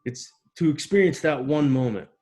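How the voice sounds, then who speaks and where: A man's voice: fairly high pitch, moderate pace, dark tone. A man, a military veteran guest, telling a heartfelt personal story and acting out the voices and sounds in it. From United States. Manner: vivid storyteller, acts out quoted voices and sounds.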